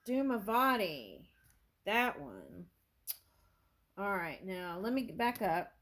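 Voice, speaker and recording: Excitable, scattered woman tarot reader. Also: takes it slowly. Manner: scattered and excitable, apologizing and backing up; bursts of high-pitched amazement. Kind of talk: casual spiritual reading with read-aloud prayers. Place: home with her dog nearby.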